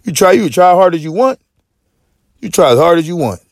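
A man's voice: high-pitched, expressive, brisk, darkish tone, dry recording, clean studio sound. A man hosting a podcast, ranting in casual slang with lots of swearing and stop-start restarts. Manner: profane, rambling, with frequent restarts; preachy street-slang delivery. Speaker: podcast host.

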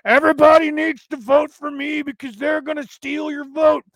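A man mimicking a male senator who shouts and rants at the cameras. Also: extremely high pitch, level tone, creaky, no echo, voice pushed up, full character voice, poor audio. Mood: angry shouting. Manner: shouting, drawn-out words.

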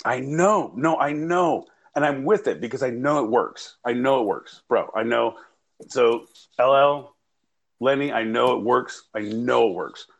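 A man's voice: mid-range voice, a little slow, vocal fry. A man co-hosting a podcast in casual, profane banter, rambling and joking with frequent laughter. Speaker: podcast co-host. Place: home studio, recorded remotely via live app.

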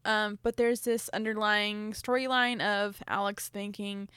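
A young woman co-hosting a casual book chat, animated and quick with jokes. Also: medium pitch, smooth, no echo, clean studio sound. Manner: animated, joking, quick asides. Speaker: podcast co-host.

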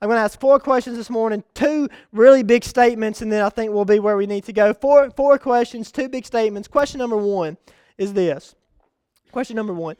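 A young man preaching a sermon, telling a story and moving between loud calls and soft, confiding asides. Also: high voice, a little fast, clear, resonant tone, dry recording.

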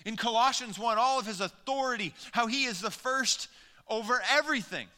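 A man's voice: very high voice, moderate pace, pushed and bright. A man preaching a sermon as pastor, talking conversationally and putting questions to the congregation. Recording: long hall reverb.

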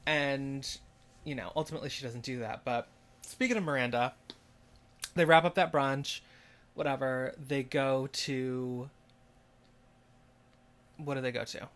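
A man's voice: mid-range voice, steady tone, unhurried, long pauses, fairly bright tone. A man co-hosting a casual podcast with his mother, chattily leading an episode recap. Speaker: podcast co-host.

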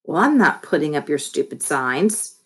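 A woman's voice: low voice, sing-song, moderate pace, breathy edge, heavily acted. A woman voicing a clever young boy who turns whiny and indignant, in a raised voice.

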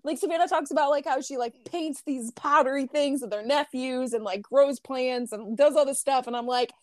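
A woman's voice: high-pitched, moderate pace, few pauses, darkish tone, no room sound. A young woman co-hosting a casual podcast chat, rambling and hesitant with lots of filler words. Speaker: podcast co-host.

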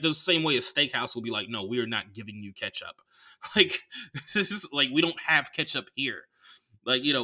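A man from the Bay Area, a comedian and podcast host, telling stories in an animated, profane way with lots of "like". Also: mid-range voice. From San Francisco Bay Area. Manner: animated, profane, heavy use of "like". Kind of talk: casual comedic storytelling.

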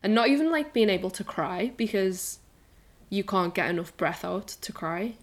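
A woman's voice: medium pitch, normal speed. Woman in her 20s, podcast co-host, candid rambling chat. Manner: candid and rambling, swears, says "like" a lot. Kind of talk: casual chat.

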